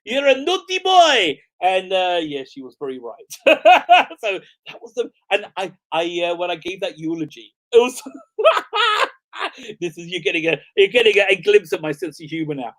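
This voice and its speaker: A man's voice: sits high, big pitch swings, normal speed, fairly bright tone. A middle-aged man, hosting a casual livestream as a rabbi and telling a story in a rambling way, with frequent laughter, fillers and restarts. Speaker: rabbi and show host.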